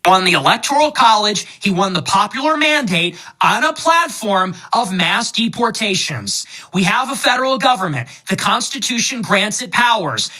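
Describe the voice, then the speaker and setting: Insistent, lecturing man in rapid-fire speech. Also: extremely high pitch, bright, forceful tone, poor audio. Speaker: political commentator in a played clip.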